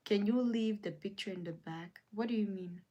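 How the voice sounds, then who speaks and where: A woman's voice: moderate pace, warm tone, highs cut off. Woman ranting indignantly on a livestream. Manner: indignant, repetitive ranting with sudden rises in pitch. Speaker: livestream host. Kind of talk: casual livestream chat, reading comments aloud.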